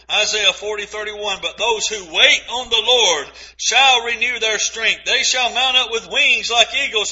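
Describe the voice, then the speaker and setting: A man preaching a sermon, reading scripture aloud and stressing key phrases slowly and earnestly. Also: very high-pitched, sharp tone. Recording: dull lo-fi recording.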